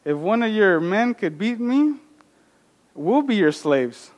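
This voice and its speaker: A man's voice: high-pitched, sing-song, slow pace, pitched above the performer's own voice, full character voice. A man voicing a taunting giant warrior who challenges an army to send out a fighter.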